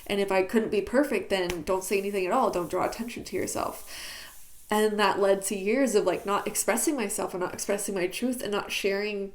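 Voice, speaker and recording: In her bedroom, a YouTuber with a mid-range voice talks a little fast in a reflective personal vlog. She speaks candidly but searches for words, using many fillers.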